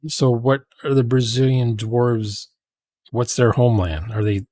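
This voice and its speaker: A man's voice: mid-range voice, steady tone, unhurried, mellow, no room sound, clean studio sound. A man chatting casually about role-playing games, rambling and trailing off with fillers.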